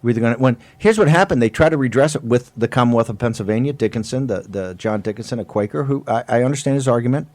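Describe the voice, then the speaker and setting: A man hosting a political talk radio show, talking in an emphatic, fiery way with rapid-fire rhetorical questions. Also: mid-range voice, darkish tone, dry recording. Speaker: host.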